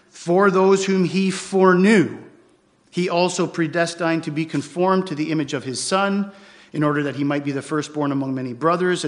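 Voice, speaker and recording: A man preaching a sermon to his congregation, explaining scripture earnestly with emphatic repetition. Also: fairly high pitch.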